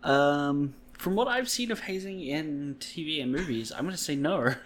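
A man's voice: on the high side, expressive, normal speed, fairly bright tone, a little hiss or hum. A man co-hosting a podcast, chatting in an easygoing way and laughing often. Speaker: podcast co-host. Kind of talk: casual podcast chat.

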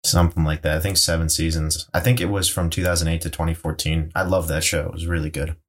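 A man chatting casually about movies on a podcast, rambling and excitable, swearing freely. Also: extremely low pitch, quick pace, husky.

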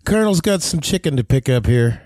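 Wisecracking man with a lively voice. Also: mid-range voice, brisk. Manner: wisecracking, laughing, profane quips. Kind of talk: casual banter.

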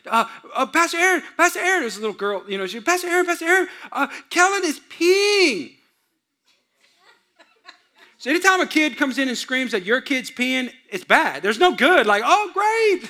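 Male pastor, sermon, very high voice, bright and forceful, storytelling. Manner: storytelling, acts out quotes, laughs with the audience.

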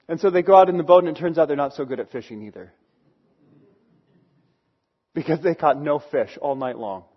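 A man's voice: on the high side, a little fast, long pauses, breathy edge, dull audio. A man preaching a sermon in a conversational storytelling way, acting out the people he talks about. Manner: conversational storytelling with acted quotes.

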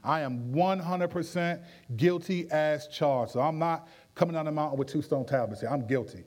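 A man, a pastor, teaching in a conversational Q&A with lively energy and frequent restarts. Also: fairly high pitch, normal speed. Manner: animated, with frequent restarts and playful voices.

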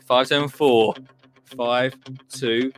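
A man's voice: medium pitch, fairly even intonation, slow pace, a little hiss or hum. A British man hosting a live gardening show from his home studio, chatting casually and poking fun at himself. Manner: chatty, self-mocking, restarts a lot. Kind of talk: casual live-stream chat.

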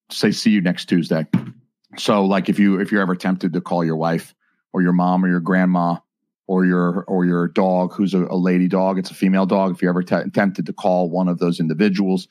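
A man's voice: low-pitched, no echo. A man in his thirties hosting a podcast livestream, rambling through crude jokes with lots of restarts. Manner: rambling, joking, with many restarts. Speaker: podcast host. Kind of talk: crude comedic banter on a livestream.

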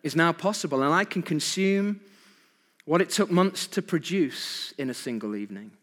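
A man's voice: a little high, expressive, normal speed, fairly bright tone, in a large hall. A man preaching an evening sermon, asking his congregation rhetorical questions with emphasis. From Britain.

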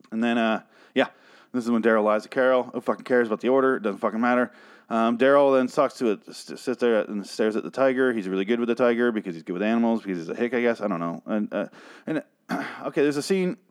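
A man's voice: medium pitch, quick pace, clean tone. A man ranting sarcastically and with lots of swearing while reviewing a TV episode in casual talk. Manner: profane, exasperated, sarcastic.

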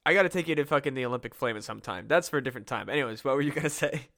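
A man's voice: medium pitch, very fast, a bit bright. A young man co-hosting a podcast, rambling casually with swearing and restarts. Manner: rambling, profane, restarts a lot. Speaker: podcast co-host. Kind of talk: casual chat.

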